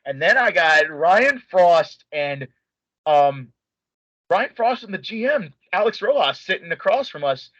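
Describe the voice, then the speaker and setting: Excitable young man telling a story. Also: high-pitched, a little slow, dry recording. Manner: many filler likes and restarts. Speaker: interview guest. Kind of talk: casual storytelling. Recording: dull lo-fi dry sound.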